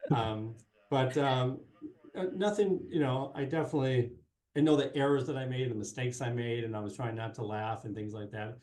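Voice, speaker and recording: Rambling middle-aged man, mellow and roomy. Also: medium pitch, fairly even intonation, fairly quick. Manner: rambling, many fillers and restarts. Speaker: guest, sports marketing specialist and former TV reporter. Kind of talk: casual interview chat. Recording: roomy echo.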